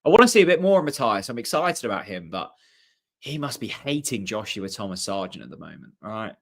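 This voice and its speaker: A young man hosting a live football watchalong, chatting with viewers and reacting to the match in a casual, excitable way. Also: on the low side, a little fast, vocal fry. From Norfolk, England. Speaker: host of a fan channel watchalong.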